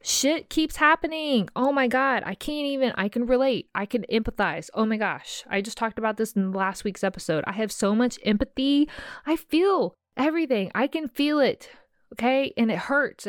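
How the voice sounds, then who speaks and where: A fired-up woman in her thirties talks straight to her listeners on a solo podcast, emphatic and outspoken. Her voice is smooth and clear, and the sound is close and dry, with no room around it. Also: a little high, no room sound. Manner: animated, emphatic, swears, addresses listener as sis. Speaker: podcast host. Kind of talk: casual solo podcast rant.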